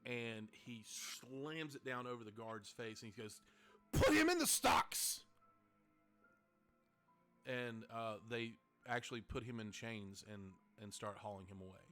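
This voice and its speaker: Male GM, bright tone, rambling narration. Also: mid-range voice, fairly even intonation, normal speed, hardly any pauses, soft background music. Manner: rambling, self-correcting. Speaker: game master. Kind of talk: narrating a tabletop game.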